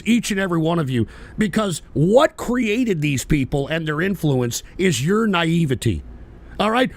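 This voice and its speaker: A man hosting a live political stream, ranting with profane, scornful outbursts that rise into shouts. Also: high-pitched. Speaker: host.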